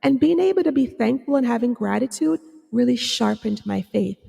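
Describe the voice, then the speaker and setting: A woman hosting her own podcast as a psychotherapist, talking earnestly with many fillers and restarts, a little hoarse. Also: fairly high pitch, lively intonation, moderate pace, warm tone, in a large hall. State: slightly hoarse, clearing her throat. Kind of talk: reflective solo podcast talk.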